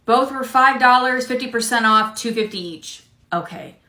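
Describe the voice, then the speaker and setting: Woman as young cashier, deadpan, polite, bright tone, echoey room. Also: on the high side, normal speed. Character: patient young female retail cashier, dry and unbothered.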